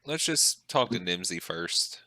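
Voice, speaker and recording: A man's voice: low voice, sing-song, measured pace, bright, forceful tone, slight background noise. A man playing in a tabletop game, easygoing and asking questions in casual chat. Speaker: player.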